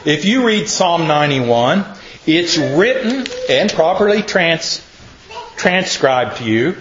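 Man preaching slow and earnest, bit high voiced, echoey dull sound like an old church tape. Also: big pitch swings, a bit bright. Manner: slow, earnest, conversational teaching. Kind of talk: sermon. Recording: echoey, muffled room recording.

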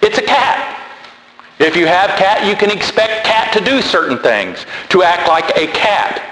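A man's voice: high-pitched, big pitch swings, normal speed, sharp tone. A man preaching a sermon in a loose, conversational way, repeating words and going off on asides. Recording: roomy hall with long reverb and faint noise.

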